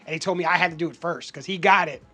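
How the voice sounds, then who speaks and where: A man telling a story in a casual podcast chat, animated and swearing freely as he acts out what people said. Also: fairly high pitch, racing, slight background noise.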